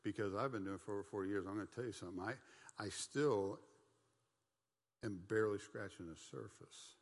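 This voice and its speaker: Brisk and relaxed, a middle-aged man with a lowish voice runs a folksy Bible study, talking conversationally while tossing in asides and playful mock voices. A long hall reverb hangs on his voice.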